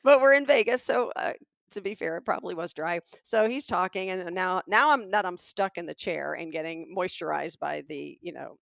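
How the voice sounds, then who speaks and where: Gravelly-voiced southern woman telling a story. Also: lowish voice, moderate pace, no room sound, clean studio sound. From American South. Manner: animated storyteller, acts out quoted voices. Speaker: podcast co-host. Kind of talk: casual storytelling chat.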